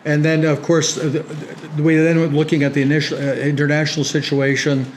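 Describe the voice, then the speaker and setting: A man's voice: fairly high pitch, little pitch movement, a little fast, slight background noise. A middle-aged American man giving a lecture to an audience, ironic and dry, often restarting his sentences. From United States. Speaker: guest speaker. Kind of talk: public lecture with banter.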